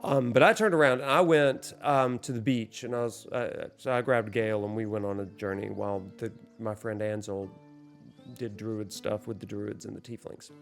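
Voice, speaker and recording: A man's voice: on the low side, fairly even intonation, moderate pace, faint music behind. A man in a casual gaming vlog, rambling through his recap with lots of fillers and self-deprecating asides. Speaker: gaming vlogger.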